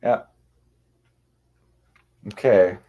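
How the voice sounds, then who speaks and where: A man's voice: very slow, muffled recording. A man chatting casually on a livestream, rambling with many restarts and cooing to his cats.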